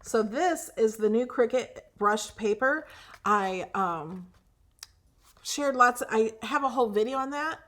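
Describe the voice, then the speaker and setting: A young woman with a fairly high voice hosts a craft livestream. She chats casually with her viewers and gushes over her work, restarting sentences and filling pauses with "um". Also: lively intonation, a bit bright. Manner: chatty and gushing, with fillers and restarts.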